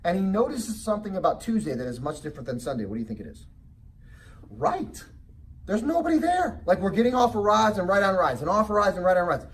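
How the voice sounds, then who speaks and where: A middle-aged man presenting a seminar, storytelling and checking in with the room with questions. His voice sits a bit high for a man and comes through from a distance, with a faint hiss of background noise. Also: sing-song, fast talker. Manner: storytelling, asks the audience questions; acts out child's voice in high pitch. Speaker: real estate educator. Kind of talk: motivational seminar talk.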